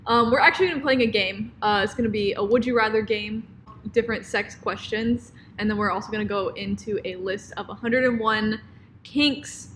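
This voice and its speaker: A woman's voice: mid-range voice, fairly quick, a bit bright, slight background noise. A woman in her twenties co-hosting a casual chat podcast, laughing often as she talks. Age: 20s. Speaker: podcast co-host.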